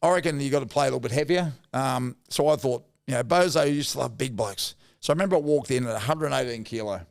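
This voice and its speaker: A man in his fifties with a broad Australian accent tells stories from his playing days, blunt and full of slang and the odd swear. His voice is gravelly, with a rough fry in it. He talks at a middling pitch in a relaxed, chatty interview. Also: fast. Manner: blunt, laddish yarn-telling with slang and swearing. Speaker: guest, former rugby league player. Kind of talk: casual storytelling interview.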